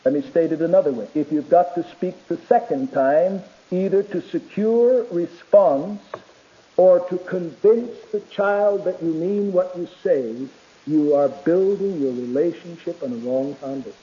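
Male preacher, sermon delivery, emphatic swings from loud to soft; high mellow voice, muffled lo-fi recording. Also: a little slow. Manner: reads quotations aloud. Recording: dull lo-fi recording.

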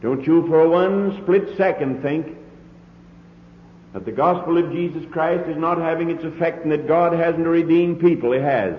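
A man's voice: on the high side, slight background noise. A man preaching a sermon, earnest and emphatic, with repeated phrases, heard on an old lo-fi recording. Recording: tinny lo-fi old sermon recording, roomy hall echo.

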